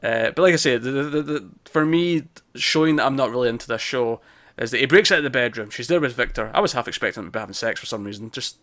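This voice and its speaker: A man's voice: mid-range voice, animated, quick pace, fairly bright tone. Rambling male TV review co-host. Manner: rambling, self-interrupting with repeated words. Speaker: podcast co-host. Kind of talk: casual review chat.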